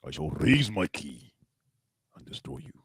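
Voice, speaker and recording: A man's voice: rumbling low, very animated, slightly rough, no echo, clean studio sound, full character voice. A man doing a pompous anime warrior voice. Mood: boastful threat. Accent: fake anime Japanese. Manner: slow, pompous declamation. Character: cliché anime martial-arts warrior, grandly menacing.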